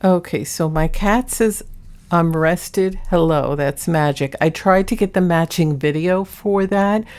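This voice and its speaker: An earnest woman talks through her vlog in a relaxed, chatty way, laughing softly now and then. Her voice sits a little on the low side. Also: unhurried. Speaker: paranormal vlogger. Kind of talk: casual narration introducing clips.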